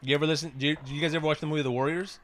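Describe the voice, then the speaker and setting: A man appearing as a podcast guest in casual chat, quick and a little argumentative. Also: fairly high pitch, steady tone, fairly bright tone.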